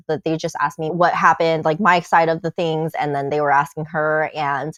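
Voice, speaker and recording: A woman on a podcast telling her own story in casual chat, animated and swearing, acting out what people said. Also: low voice, moderate pace, hardly any pauses, no room sound. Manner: animated, swearing, acts out quotes.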